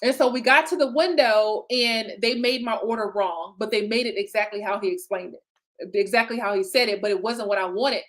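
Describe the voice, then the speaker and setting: A middle-aged woman coaching entrepreneurs in a live online session, chatty and lively, checking in often with the audience. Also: mid-range voice, brisk. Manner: lively, chatty, repeats "okay?" and "right?". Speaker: business coach.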